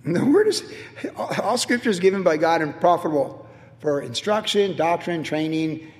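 A man's voice: fairly high pitch, expressive, moderate pace, in a large hall. A middle-aged man preaching a sermon as pastor, emphatic and repetitive as he drives home his points.

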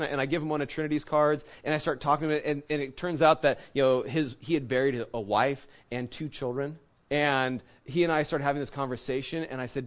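A man's voice: a little high, fairly bright tone, muffled recording. A man preaching a sermon, telling a personal story in a chatty way and acting out the quotes. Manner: storytelling, conversational, acts out quotes. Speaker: pastor.

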